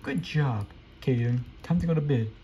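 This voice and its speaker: A young man giving live, excitable commentary while playing a video game, often repeating quick exclamations. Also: mid-range voice, slight background noise, rough recording. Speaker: gameplay streamer.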